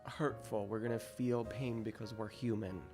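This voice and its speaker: A man co-hosting a casual podcast, supportive and affirming, often backing the host with quiet agreement. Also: on the low side, little pitch movement, moderate pace, music in the background. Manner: supportive, frequent affirming murmurs.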